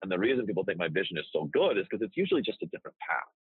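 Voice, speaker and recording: A man talking casually as a business coach, blunt and profane, telling stories with animated energy. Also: sits low, very fast, husky, no room sound, narrow, tinny audio. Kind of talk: casual podcast chat.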